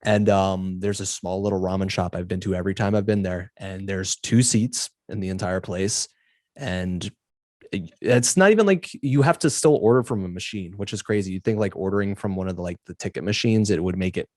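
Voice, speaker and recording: A man guest on a podcast, telling travel stories in an animated, rambling way with lots of fillers. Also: low-pitched, a little fast, no echo, clean studio sound. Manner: animated storytelling with many fillers. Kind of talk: casual chat.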